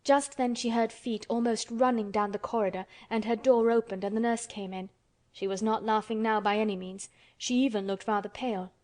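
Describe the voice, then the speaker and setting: Woman narrator, steady measured read, slightly high voice, audiobook. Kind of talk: scripted narration.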